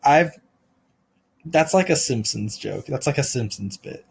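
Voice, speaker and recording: A man hosting a podcast, delivering a rambling deadpan comic monologue full of restarts and absurd tangents. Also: medium pitch, a little slow, vocal fry, a little hiss or hum. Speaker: podcast host.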